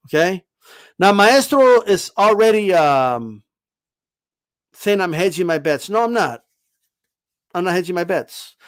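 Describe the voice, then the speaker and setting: Man, high voice, swinging pitch, emphatic boxing host, swears a lot, stammering restarts, dry close sound. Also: dry recording. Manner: emphatic, repeats "okay?" and swears freely; stammers and restarts when heated. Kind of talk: casual opinion monologue.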